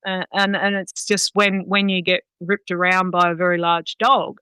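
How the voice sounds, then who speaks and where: Woman, middle-aged, bright, close, dry sound, blunt and laughing, casual podcast chat. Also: lowish voice, flat delivery, moderate pace, clear, resonant tone, dry recording, poor audio. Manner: frank, swears freely, laughs often. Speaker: guest dog trainer.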